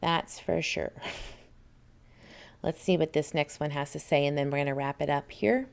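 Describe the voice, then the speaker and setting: Low-pitched and gravelly, her voice moves a little slowly. She's a Southern US woman running a relaxed livestream, chatting, reading viewer comments aloud, and laughing often.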